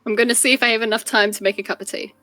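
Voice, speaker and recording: A woman's voice: a little high, fairly even intonation, very fast, pushed and bright, faint music behind. A woman player chatting playfully and giggling during a tabletop game over voice chat.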